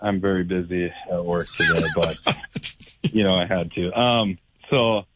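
A man's voice: sits low, moderate pace, heavy background noise. A man calling in to a radio show, blunt and opinionated, lecturing with a lot of ums. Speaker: caller. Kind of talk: call-in conversation. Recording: phone line.

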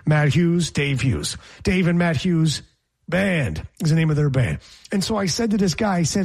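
A man with a high, husky voice hosts a sports talk show. He teases his partner and wanders into long, rambling stories. His tone stays loose and conversational. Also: big pitch swings, normal speed, a little mellow. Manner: teasing, rambling storyteller. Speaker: sports radio host. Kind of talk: casual sports talk banter.

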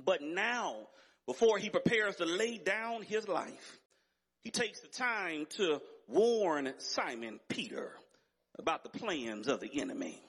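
A male pastor preaching with a husky, slightly breathy voice that sits high for a man. His delivery swings widely in pitch, emphatic and rising in intensity as he repeats his phrases. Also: sing-song, slow, fairly bright tone. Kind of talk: sermon.

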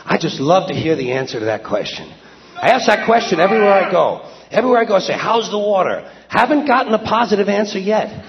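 A man's voice: high voice, lively intonation, quick pace, a crowd in the background. A man doing a wry, sardonic, conversational stand-up monologue. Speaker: stand-up comedian. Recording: dull lo-fi with faint ambience.

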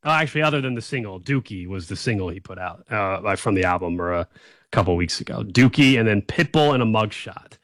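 A man's voice: fairly low pitch, lively intonation, fast talker, a bit bright, no echo. Man chatting casually, dry and close. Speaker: co-host. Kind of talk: casual chat.

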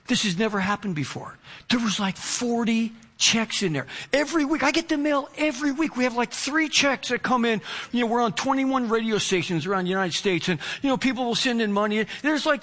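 Male pastor, very high bright voice, animated storytelling sermon. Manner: animated, acts out dialogue, swings between excited and hushed.

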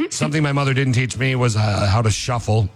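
A man's voice: mid-range voice, fast talker, soft background music. A man hosting a casual chat, joking around and rattling off rambling fun facts. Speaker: host.

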